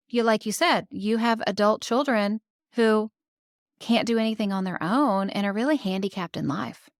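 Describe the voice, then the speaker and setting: A woman's voice: a little high, a bit bright, no echo, clean studio sound. Woman author sharing stories as a podcast guest. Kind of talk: conversational interview.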